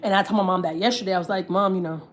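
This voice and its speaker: A woman's voice: medium pitch, steady tone, racing, slight background noise. A young woman from Texas, a family vlogger, chatting candidly on a livestream, full of swearing and filler words. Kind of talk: casual livestream chat.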